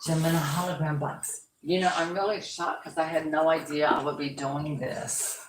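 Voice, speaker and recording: In a home room stacked with stored boxes, a woman who restores dolls live-streams casual, rambling chat at a moderate pace, exclaiming often as she sorts her supplies. Her voice is deep with fairly even intonation, and the audio is roomy and noisy.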